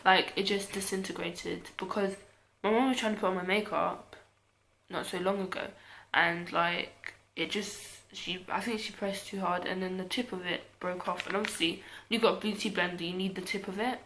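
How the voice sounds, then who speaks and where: Young British woman vlogger, chatty and self-mocking, tired, with a bright tone and a faint hum behind her. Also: on the low side, steady tone, normal speed, roomy sound, poor audio. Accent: British English. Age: young adult. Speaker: YouTuber. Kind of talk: casual clothing haul.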